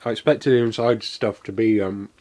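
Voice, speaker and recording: A man's voice: on the low side, fairly even intonation, normal speed, warm tone. Chatty man on a live stream. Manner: chatty and self-deprecating, rambling with fillers. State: coughing, something went down the wrong way. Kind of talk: casual live-stream taste test.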